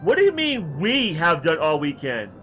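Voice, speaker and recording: A man voicing an indignant, exasperated young game hero who shouts in outrage. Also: a little high, wildly swooping pitch, normal speed, faint music behind. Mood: outraged.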